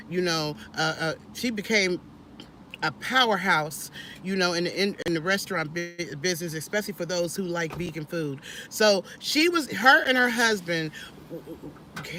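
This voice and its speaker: A woman talks in a casual, preachy vlog, animated and sermon-like, often restarting her sentences. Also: on the low side, slight background noise. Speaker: vlogger.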